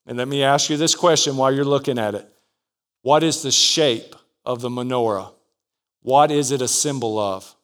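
A man's voice: medium pitch, moderate pace, fairly bright tone. A man preaching a sermon as pastor, dynamic, acting out the voices in his story and calling out for amens.

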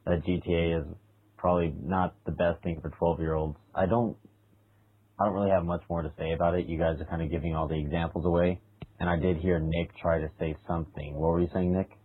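A man's voice: sits low, flat delivery, fairly quick, breathy edge. A man on a podcast panel, chatting casually in a laid-back way. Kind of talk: casual chat. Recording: tinny phone-like sound.

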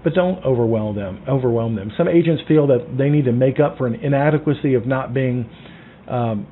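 Energetic man coaching over a tinny line. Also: brisk, slight background noise. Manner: animated, acts out phone calls, drops to a low voice. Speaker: sales trainer. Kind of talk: sales coaching talk. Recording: tinny phone-like sound.

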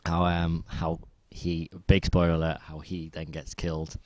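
Deep-voiced rambling man. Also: completely flat delivery, normal speed, a little mellow, no echo. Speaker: podcast co-host. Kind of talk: casual chat.

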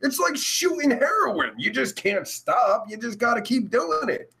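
A man hosts a crude livestream, yelling nonstop and breaking into cackles. His voice is high, bright and gravelly, and it swings wildly up and down in pitch. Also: sing-song, measured pace. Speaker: host. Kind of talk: loud crude livestream chat.

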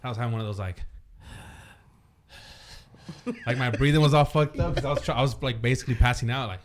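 A man's voice: medium pitch, fast talker. A young man telling stories in casual chat, laughing often and mixing in Spanish words. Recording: noisy background.

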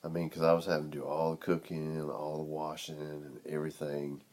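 A man's voice: extremely low pitch, completely flat delivery, fairly quick, a little mellow. A man in casual chat as co-host, teasing with dry jokes.

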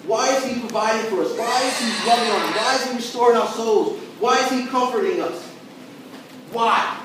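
A man preaching a sermon as pastor, talking in a conversational, animated way and checking in with the congregation as he goes. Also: sits high, noisy background. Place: church sanctuary. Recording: echoey church hall, mic at a distance.

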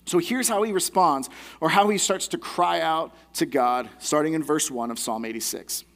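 High-voiced man preaching a sermon. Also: normal speed, fairly bright tone. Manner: conversational, earnest teaching tone. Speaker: pastor.

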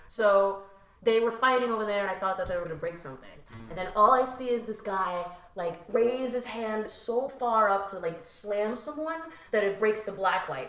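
A young woman telling a story as a podcast guest in casual chat, animated, swearing freely and acting out what people said. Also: mid-range voice. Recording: roomy echo.

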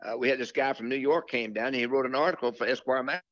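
A man's voice: mid-range voice, racing, fairly bright tone, no echo, highs cut off. An older man, a country singer telling rambling stories from his career in an interview, full of fillers and restarts. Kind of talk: relaxed storytelling interview.

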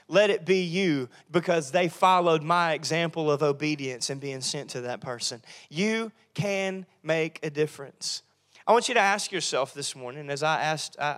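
Pastor, high male voice, animated preaching with comic asides. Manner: animated, acts out Bible figures in funny voices. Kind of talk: sermon. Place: church sanctuary.

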